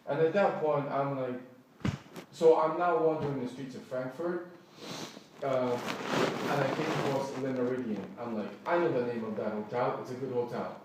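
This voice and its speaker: A man's voice: medium pitch, moderate pace. Agitated man telling a story in an echoey room. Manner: animated, acts out quoted dialogue, restarts often. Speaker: person recounting an incident. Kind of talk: agitated first-person storytelling. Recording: echoey room, distant mic, faint noise.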